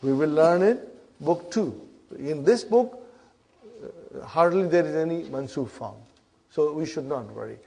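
High-voiced man teaching Arabic grammar. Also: animated, measured pace, creaky, long pauses, darkish tone, slightly rough. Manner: coaxing, repeats answers, mixes English with Arabic terms; playful teasing of students. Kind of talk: classroom lesson.

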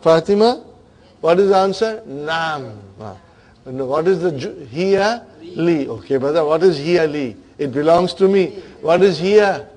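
A man's voice: on the high side, animated, unhurried, darkish tone. A man teaching a grammar class, questioning his students and checking in with them often.

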